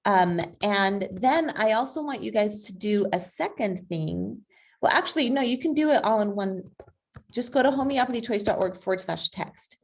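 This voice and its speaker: A woman speaking as a guest on a video call, persuasive and energetic, with frequent fillers. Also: mid-range voice, moderate pace. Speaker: guest speaker, advocacy group president. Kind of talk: conversational online talk.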